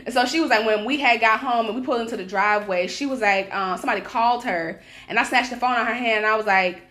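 A young woman telling a wild night-out story in casual podcast chat, animated and profane, acting out the people she quotes. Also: fairly high pitch, very fast. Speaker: podcast co-host.

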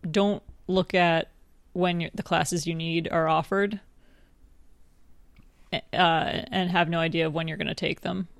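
A woman's voice: fairly low pitch, fairly even intonation, unhurried, vocal fry, long pauses, no echo. A young adult woman co-hosting a podcast, chatting casually and playfully, often breaking into laughter. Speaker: podcast co-host. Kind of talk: casual chat.

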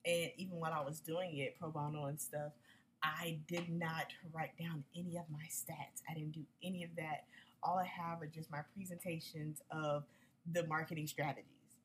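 A woman's voice: low-pitched, little pitch movement, normal speed, a little hiss or hum, poor audio. A woman hosting a casual solo podcast, chatty and upbeat, using slang and talking straight to her listeners. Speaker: podcast host.

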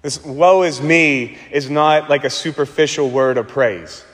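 A man's voice: fairly high pitch, fairly bright tone. Preaching man in a reverberant hall. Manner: dramatic pauses, repeats words for emphasis. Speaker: pastor. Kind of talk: sermon.

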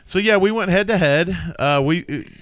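A man's voice: high-pitched, moderate pace, fairly bright tone, no echo. A man co-hosting a casual podcast chat, talking hesitantly with frequent restarts and laughter. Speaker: podcast co-host. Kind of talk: casual fantasy sports chat.

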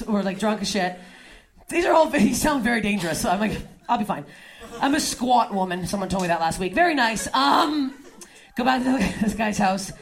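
A young woman doing stand-up comedy, telling crude stories and throwing quick asides to the audience. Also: on the high side, creaky. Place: comedy club stage before a laughing crowd. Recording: live club with audience laughter.

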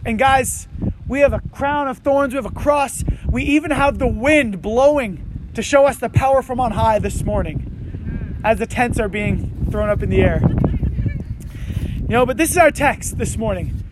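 High-voiced pastor preaching casually. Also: male voice, normal speed, background noise. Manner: conversational, animated preaching with frequent "you know" and "right". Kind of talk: sermon. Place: outdoors under tents on a windy morning.

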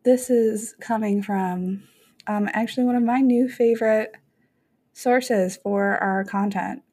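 A woman co-hosting a podcast in casual chat, animated and joking, with frequent swearing. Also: mid-range voice, takes it slowly. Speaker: podcast co-host.

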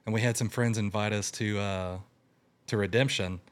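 With a lowish voice and moderate pace, this young guest recounts a long personal story in a casual chat. He stays animated, performing other people's words in a raised voice.

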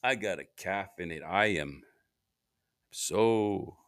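Speaking slowly in a low, tired voice, a middle-aged podcast host meanders through a solo monologue with no room sound. He often breaks off mid-sentence, his delivery lurching from loud to mumbling.

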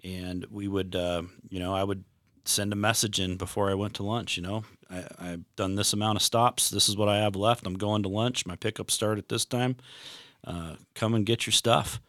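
A man's voice: fairly low pitch, steady tone, normal speed, a bit bright, no room sound, clean studio sound. A middle-aged man, a retired delivery driver, telling work stories in casual chat, rambling with many fillers and restarts.

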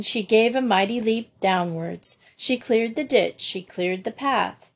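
A woman reading a children's school story aloud in a measured, expressive way. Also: a little high, husky. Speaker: audiobook narrator.

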